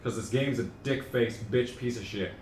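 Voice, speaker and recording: A young man's medium-pitched, slightly mellow voice moves at a moderate pace as he streams a racing game. In casual commentary he rants and jokes with sarcastic, profane asides, heard through an echoey room and distant mic with faint noise.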